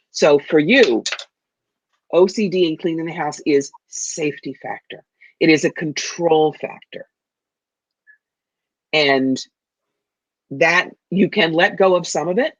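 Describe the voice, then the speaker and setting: A woman's voice: low-pitched, no echo, dull audio. A woman giving psychic readings to viewers in a confident, familiar way, calling people darling. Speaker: psychic medium guest.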